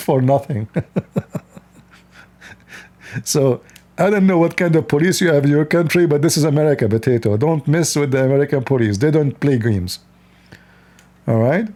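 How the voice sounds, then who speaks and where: A man's voice: fairly high pitch, dark tone. Blunt man. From Middle East. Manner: blunt, lecturing, laughs often. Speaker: livestream host. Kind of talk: casual advice talk.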